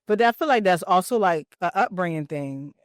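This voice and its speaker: Woman, lowish voice, casual chat, supportive interjections, dry close mic. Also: lively intonation, normal speed, no room sound. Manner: supportive, chimes in with short agreements. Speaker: podcast co-host.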